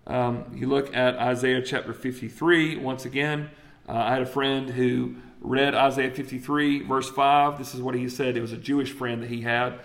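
A Southern-accented man from South Carolina preaches a conversational, animated sermon in a mid-range voice at normal speed. He quotes scripture and acts out different voices as he goes.

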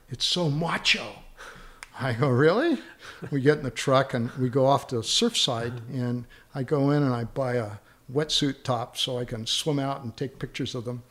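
Animated storytelling man. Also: mid-range voice. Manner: animated anecdote-telling, acts out quoted voices. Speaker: storyteller in a group chat. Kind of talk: casual chat.

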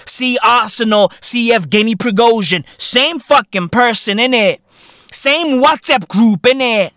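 A man's voice: very high voice, a little slow, pushed and bright, dry recording, clean studio sound. A man from South Africa hosting a podcast, delivering a profane, comedic rant full of slang. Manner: profane, ranting, heavy London-style slang. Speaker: podcast host.

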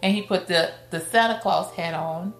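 Speaking at a moderate pace, a middle-aged woman from New Orleans tells family stories on a podcast in a lively, relaxed way. She performs her relatives' words with big pitch swings, and the casual interview carries room echo and faint background music.

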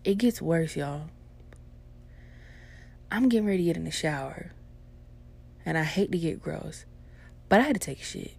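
A woman's voice: sits low, expressive, normal speed, gravelly, long pauses, a little mellow, slightly rough. A young adult woman telling a personal story in a casual, laid-back and profane way.

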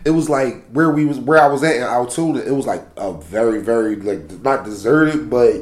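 Young man, animated street-slang storyteller; echoey room. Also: mid-range voice, normal speed. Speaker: storyteller in podcast chat. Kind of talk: casual chat. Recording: roomy echo.

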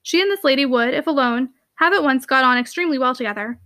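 Quick bright-voiced woman reading aloud. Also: high voice, no room sound, clean studio sound. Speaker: audiobook narrator. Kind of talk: reading a classic novel aloud.

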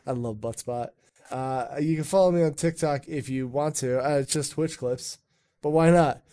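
A man's voice: medium pitch, normal speed, mellow, clear, resonant tone. A man hosting a casual podcast chat, rambling and joking with plenty of swearing. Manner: rambling, swearing, loose and jokey. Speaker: podcast host.

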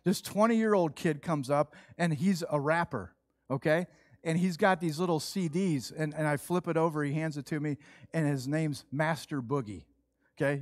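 A middle-aged man preaching a sermon, telling a lively personal story and acting out what people said. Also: fairly high pitch, no room sound, studio quality. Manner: animated storytelling, acts out quoted voices. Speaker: pastor.

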